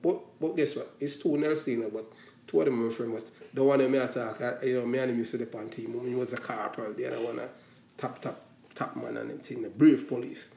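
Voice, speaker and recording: Jamaican man, mid pitch, warm and mellow tone, rambling patois commentary, roomy echo. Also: fairly even intonation, fast talker, creaky. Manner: rambling, mixes patois with standard English. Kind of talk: casual opinion monologue.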